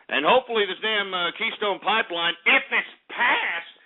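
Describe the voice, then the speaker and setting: A man's voice: sits high, normal speed. A man hosting a talk radio show, delivering a brash, profane market report and insulting his listeners between the numbers. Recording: tinny phone-like radio audio.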